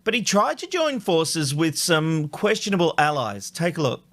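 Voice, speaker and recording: A man's voice: fairly high pitch, very animated, normal speed, fairly bright tone. A man hosting a casual recap chat show, playful and gushing with compliments. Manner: gushing and playful, hands over to clips. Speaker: podcast host.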